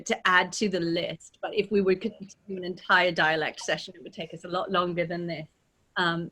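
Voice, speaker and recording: A woman's voice: on the low side, fairly bright tone. Woman dialect coach explaining sounds. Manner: demonstrative, talks through sounds step by step. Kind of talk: casual teaching chat.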